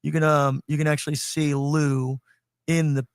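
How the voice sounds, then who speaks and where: A man hosting a casual group podcast, energetic and joking as he plugs his guests. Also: a little high, moderate pace, smooth, no echo, studio quality. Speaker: podcast host.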